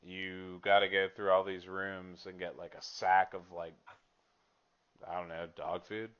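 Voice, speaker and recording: A man's voice: low-pitched, completely flat delivery, a little slow, fairly bright tone, clean tone, dull audio. A young man hosting a podcast, chatting casually and profanely about a video game with lots of filler words. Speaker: podcast host.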